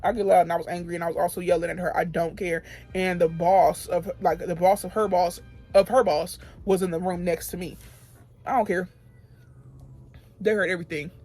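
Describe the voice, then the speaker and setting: A woman's voice: on the low side, level tone, fast, mellow, faint music behind. A young woman telling a story about quitting her job while getting ready on camera. She vents in a heated, emphatic way and often repeats herself. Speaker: beauty vlogger.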